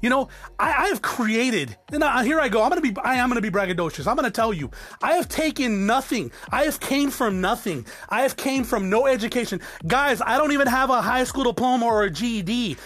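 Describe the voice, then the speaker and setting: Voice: mid-range voice, expressive, fairly quick, a bit bright. A podcast host and business owner giving a blunt, profane solo monologue, often checking in with the listener by asking "okay?".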